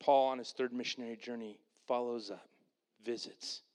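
A man preaching a sermon as pastor, reading scripture and acting out the characters with lively voices. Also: medium pitch, moderate pace. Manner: animated, acts out the Bible characters in voices.

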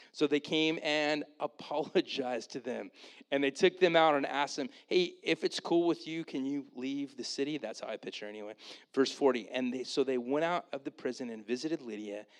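A man preaching a sermon as pastor, reading scripture and acting out the characters with lively voices. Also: mid-range voice. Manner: animated, acts out the Bible characters in voices.

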